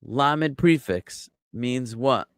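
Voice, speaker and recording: Male rabbi for a classroom grammar lesson: unhurried, patient, drills forms and quizzes the room. Dry, close sound. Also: mid-range voice, expressive, clear, resonant tone, no echo. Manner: patient, quizzes students with questions; drills word forms by repetition. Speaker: rabbi teaching Biblical Hebrew.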